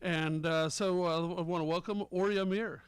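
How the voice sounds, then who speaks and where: A man co-hosting a talk show, speaking in a halting way with many filler sounds. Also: high voice, steady tone, smooth, no echo. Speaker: co-host. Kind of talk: casual talk show chat.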